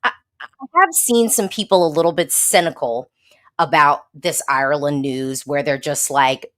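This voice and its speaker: A woman's voice: low voice, moderate pace. A woman from the United States hosting a casual livestream, chatting sassily and answering viewer comments. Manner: chatty, sassy, frequent laughs and emphatic repeats. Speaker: Eurovision blogger, host.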